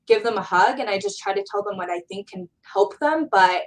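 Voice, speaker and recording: Young woman, interview guest, gravelly edge, earnest motivational tone. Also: on the high side, sing-song, fairly quick, rough recording. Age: young adult. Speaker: guest speaker. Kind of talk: casual interview chat.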